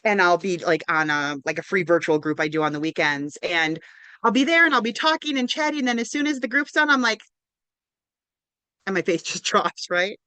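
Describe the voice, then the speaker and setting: Encouraging woman counselor, lowish voice. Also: lively intonation, a little fast, bright, forceful tone, no room sound. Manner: upbeat, encouraging, often adds "right?". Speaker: counselor and presenter. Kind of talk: interactive online workshop presentation. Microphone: video call.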